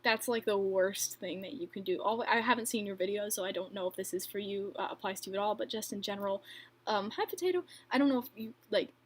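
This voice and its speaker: A woman's voice: medium pitch, fast talker, breathy edge. A young woman hosting a casual livestream, reading viewer questions and answering in a chatty, filler-heavy way with frequent laughs. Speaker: livestream host and bracelet maker.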